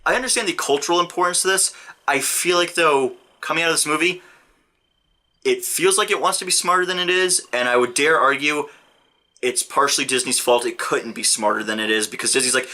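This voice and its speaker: Casting: energetic male co-host, high bright voice, swears, acts out the scenes he retells. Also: fairly quick. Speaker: co-host of a movie review show. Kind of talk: casual movie review banter.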